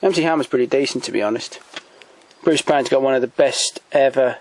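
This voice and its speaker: A man speaks at an everyday middle pitch, thinking aloud as he goes, with frequent ums and restarts. He is off-the-cuff and keen, recorded at home beside a shelf. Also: a little fast, darkish tone, poor audio. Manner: hesitant, many ums and restarts, enthusiastic recommendations. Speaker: collector showing DVDs. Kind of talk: casual off-the-cuff commentary.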